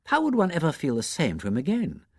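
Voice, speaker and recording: A man's voice: on the high side, wildly swooping pitch, fast talker, darkish tone, slightly rough, no room sound, studio quality, voice pushed up, full character voice. A man voicing a frank, thoughtful woman writer who speaks in a decisive, forthright way.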